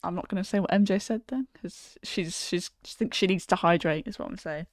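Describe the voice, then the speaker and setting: A woman's voice: fairly low pitch, a little fast, no room sound, clean studio sound. A woman hosting a casual chat, giggly and hesitant, full of fillers. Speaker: host.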